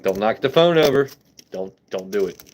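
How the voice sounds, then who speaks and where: A man's voice: fairly low pitch, animated, normal speed, a little mellow, a little hiss or hum. A man hosting a casual livestream, playfully talking to his pet and his chat viewers. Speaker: livestream host.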